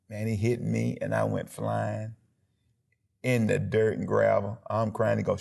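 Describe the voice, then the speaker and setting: A deep, heavily gravelly man talks with punchy emphasis. He tells his story in a lively, animated way and acts out moments with sound effects. He speaks as a pastor sitting for a TV interview. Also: moderate pace. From Alabama, USA. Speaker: pastor and former football player.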